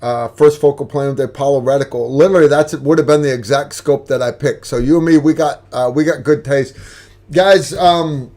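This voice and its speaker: A man's voice: on the high side, a little fast. A middle-aged American man hosting a casual livestream, joking with a friend and answering viewer questions. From United States. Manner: joking, relaxed banter with a friend. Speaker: livestream host.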